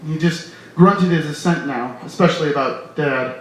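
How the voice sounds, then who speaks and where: A man reading his own novel aloud at a live reading, in measured, quiet first-person narration. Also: fairly high pitch. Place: bar hosting a reading series. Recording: echoey bar room with light noise. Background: faint bar ambience.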